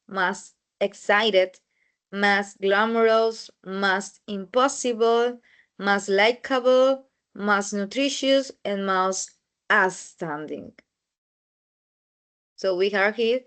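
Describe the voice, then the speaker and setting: A woman teaching an English grammar lesson in a slow, methodical way, repeating words as she goes. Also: mid-range voice, fairly bright tone.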